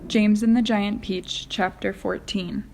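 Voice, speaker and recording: A woman teacher reading a children's book aloud, expressive and soft in the quiet passages. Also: mid-range voice, a little slow, vocal fry, slight background noise.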